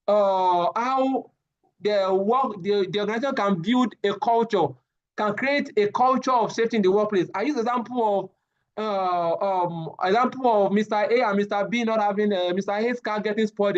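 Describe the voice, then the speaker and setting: A man, giving a live safety training lecture, animated and often repeating his words as he addresses the class. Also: high voice, highs cut off.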